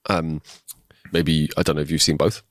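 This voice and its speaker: A man's voice: rumbling low, flat delivery, moderate pace, no room sound, studio quality. A young man co-hosting a podcast in casual chat, rambling with enthusiasm and laughing often. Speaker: podcast co-host.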